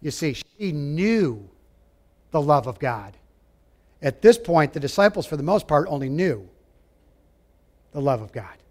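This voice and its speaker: Man preaching, fairly high voice, emphatic, direct questions to the crowd. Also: sing-song, measured pace, long pauses. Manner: emphatic, rising and falling, drops to a hush for quoted lines; asks the audience direct questions. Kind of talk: sermon.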